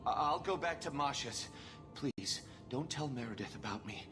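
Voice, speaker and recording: A man's voice: medium pitch, lively intonation, moderate pace, lightly acted. A man voicing an earnest young male templar in a video game who pleads urgently for a reform cause, with game music behind him. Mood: pleading.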